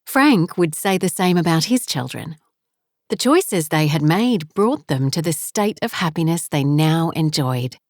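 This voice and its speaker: A woman narrating an audiobook in an unhurried, measured reading. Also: deep voice, expressive, no echo, clean studio sound. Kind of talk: scripted narration.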